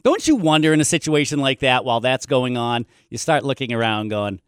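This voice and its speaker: A man's voice: medium pitch, animated, a little fast, clean tone, no room sound, studio quality. A man co-hosting a casual chat, rambling with fillers and cracking jokes. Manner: rambling, filler-heavy, joking. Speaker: podcast co-host.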